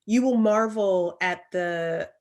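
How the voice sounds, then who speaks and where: A woman from Alabama with a Southern accent, co-hosting a podcast and telling stories in an emphatic, animated way. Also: on the low side, takes it slowly. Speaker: podcast co-host. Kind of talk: casual conversation.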